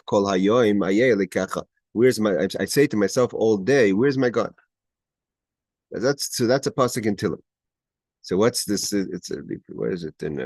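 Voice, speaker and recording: Over a video call, a man with a low, darkish voice teaches Torah from a Chassidic text, and there's no room sound. Each Hebrew phrase he reads gets a translation, and he keeps restarting and asking pointed questions that rise at the end.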